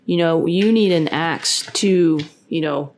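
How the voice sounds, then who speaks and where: Speaking slowly in a low, slightly mellow voice, a podcast host talks about faith in a relaxed, sincere way. Her talk wanders, full of fillers and restarts; she is mother to a young boy.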